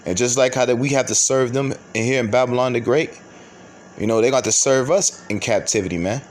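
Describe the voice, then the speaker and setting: A man's voice: medium pitch, brisk, a little hiss or hum. A man hosting his own video, casually teaching from scripture with a conversational, emphatic manner and many fillers.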